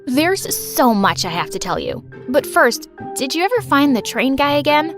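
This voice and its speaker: A woman's voice: sits high, big pitch swings, normal speed, faint music behind, pitched above the performer's own voice. A woman voicing a bubbly, loyal teenage girl who talks eagerly. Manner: eager and chirpy.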